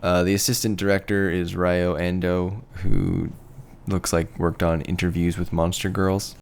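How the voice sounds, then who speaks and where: Male podcast co-host, low gravelly voice, halting and self-deprecating delivery. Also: level tone. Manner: hesitant, apologetic about pronouncing names. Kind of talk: casual podcast chat.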